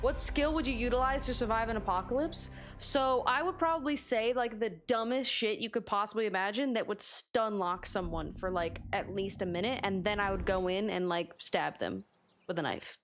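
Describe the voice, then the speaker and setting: A woman's voice: mid-range voice, moderate pace, music in the background. A woman streamer chatting casually as she reacts, giggling often and swearing freely.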